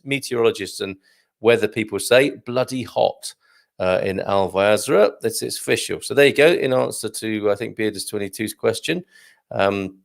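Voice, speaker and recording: A man's voice: mid-range voice, vocal fry. A middle-aged man hosting a live morning stream, chatting casually through viewer comments and cracking corny dad jokes. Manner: chatty and jokey, tells corny dad jokes, chuckles often. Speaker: live show host reading viewer comments.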